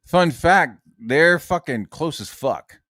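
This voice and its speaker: A man's voice: on the high side, animated, slow, sharp tone, no room sound, clean studio sound. A profane, ranting streamer man. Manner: profane and heated, lots of swearing. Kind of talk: casual ranting stream commentary. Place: his own room.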